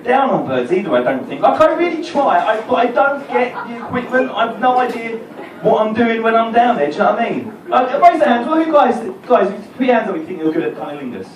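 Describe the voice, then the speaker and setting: Lively high-voiced Essex comedian, live club. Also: male voice, fast talker, muffled recording. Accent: Essex English. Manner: rambling, self-deprecating, swears a lot. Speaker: stand-up comedian. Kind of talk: stand-up set. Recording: roomy live club recording, distant, crowd noise. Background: audience laughter and room noise.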